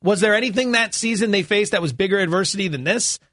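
A man hosting a sports talk show, reasoning through his points in a measured way with dry teasing. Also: high voice, a bit bright, no room sound.

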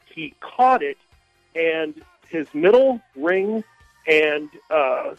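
A man's voice: a little high, lively intonation, extremely slow, dry recording, faint music behind. A male caller telling a long story on a radio call-in show, rambling and hesitant with many fillers. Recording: dull, dry phone line.

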